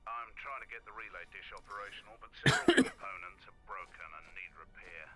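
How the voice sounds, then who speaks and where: An actor voicing gruff male Mandalorian warriors in a video game, speaking in a stern, matter-of-fact way. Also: deep voice, animated, fast, over music. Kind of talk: video game character dialogue. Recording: game audio over clear noise.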